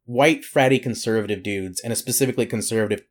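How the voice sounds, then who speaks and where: A man's voice: medium pitch, fast talker. A young man co-hosting a casual comedy podcast, rambling with many fillers and frequent laughter. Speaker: podcast co-host.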